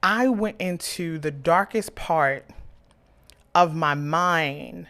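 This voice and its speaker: A woman in her thirties, a podcast host, telling a personal story with emotion and animated quoted dialogue. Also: deep voice, slow pace.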